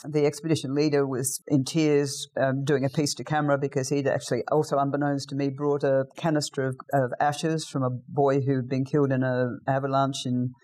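A woman's voice: extremely low pitch, fairly quick, few pauses. Australian woman telling adventure stories. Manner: lively anecdotal storyteller, acts out quoted lines. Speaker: guest. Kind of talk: casual interview storytelling.

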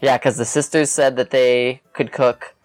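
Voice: mid-range voice, steady tone, unhurried, a little mellow. A player chatting about the game, hesitant and full of fillers. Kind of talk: casual tabletop play.

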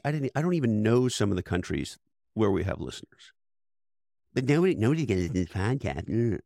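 A man talks as an expert guest on a podcast, pressing his points hard and firing off rhetorical questions. His voice has a gravelly, creaky edge. The sound is close and dry, with no room around it. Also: fairly low pitch, a little mellow, no echo. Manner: emphatic and persuasive, punchy rhetorical questions. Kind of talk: energetic interview talk.

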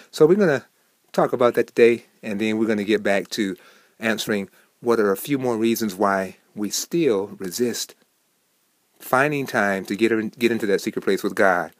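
Guy preaching a devotional, goes soft then fired up, dry mic. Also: medium pitch, no echo. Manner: animated, swings from soft to emphatic, acts out quoted people. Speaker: host of a short devotional program.

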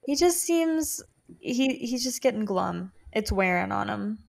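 A woman's voice: medium pitch, expressive, measured pace, creaky. A woman co-hosting a casual book podcast, recapping the plot with wry, dry asides. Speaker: podcast co-host.

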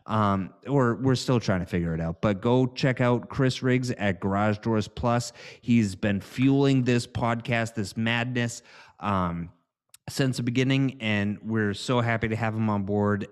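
A man hosting a podcast, reading sponsor spots in a loose, giggly, rambling way. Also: fairly low pitch. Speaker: podcast host. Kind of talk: casual sponsor read.

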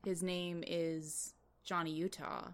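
Young woman tossing in quick jokes. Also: fairly low pitch, little pitch movement. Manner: quick, joking interjections. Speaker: podcast co-host. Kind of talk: casual movie-review chat.

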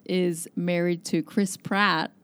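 Female podcast co-host, slow and unhurried, short giggly responses. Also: on the low side, steady tone, fairly bright tone, smooth. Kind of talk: casual chat.

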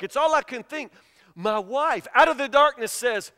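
A middle-aged man preaching a sermon as a pastor, telling stories emphatically and swinging between hushed and loud delivery. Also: very high-pitched, normal speed. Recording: long reverb of a large hall.

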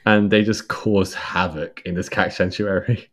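A man co-hosting a podcast, retelling film scenes in a casual chat, laughing often and quoting characters in higher voices. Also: fairly even intonation, unhurried, fairly bright tone. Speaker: podcast co-host.

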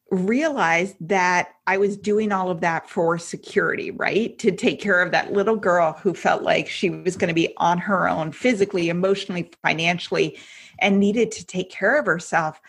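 A woman in her forties, a podcast guest, telling her story openly and emotionally, with many fillers and quick asides. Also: fairly low pitch. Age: 40s. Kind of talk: candid personal story in an interview.

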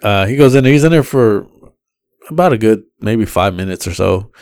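A man's voice: fairly low pitch, animated, normal speed, darkish tone, no room sound, studio quality. A man hosting a podcast who tells a long story in casual, profane chat and acts out the lines of the people in it. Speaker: podcast host.

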